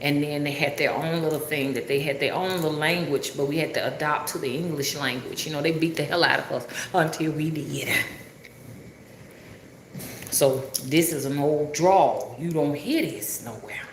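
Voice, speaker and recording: A woman's voice: deep voice, moderate pace, reverberant, a little hiss or hum. A woman with a Southern Alabama drawl, talking casually and rambling to a livestream audience, often asking if they understand. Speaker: spiritual rootworker livestreamer.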